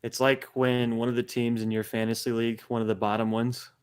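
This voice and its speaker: A man co-hosting a sports podcast, making calm, dry, understated quips. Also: mid-range voice, brisk, clean tone. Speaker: podcast co-host. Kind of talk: casual sports podcast chat.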